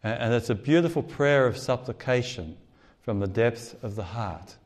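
A man's voice: medium pitch, darkish tone. A man preaching a sermon in a church sanctuary, speaking earnestly and acting out the cries of gospel figures.

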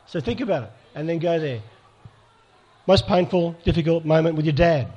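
A man's voice: on the high side, animated, normal speed, dark tone, slightly rough, highs cut off. A man leading a live church workshop, speaking directly to the crowd and asking people to raise their hands. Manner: pastoral and direct, asks audience for hands up. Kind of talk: live workshop talk to an audience.

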